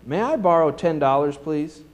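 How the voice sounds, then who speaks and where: A man's voice: fairly high pitch, lively intonation, normal speed, voice pushed up, close to an everyday voice. Small pleading boy, timid, raised voice, as a preacher puts him on, sermon story. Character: pleading little boy of five.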